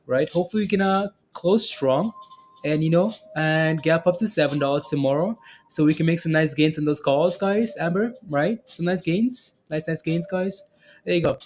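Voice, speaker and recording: A man's voice: on the high side, normal speed, darkish tone, a little hiss or hum. A man hosting a casual trading livestream, rambling with many fillers as he reads out viewer questions. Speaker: stock and crypto livestream host.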